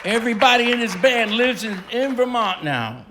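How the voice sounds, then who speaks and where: Amid background noise, a man with an extremely high, sing-song voice emcees his band's festival set at a moderate pace. As bandleader, he trades live banter with the crowd through a stage microphone, joking and teasing.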